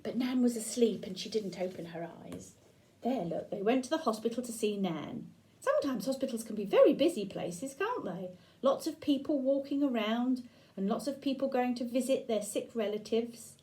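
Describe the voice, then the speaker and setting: A woman's voice: fairly high pitch, animated, moderate pace, mellow, low-quality recording. An older woman reading a picture book aloud to children, asking them questions and pointing at the pictures. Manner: interactive, asks listeners questions and points at pictures. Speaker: storyteller grandmother.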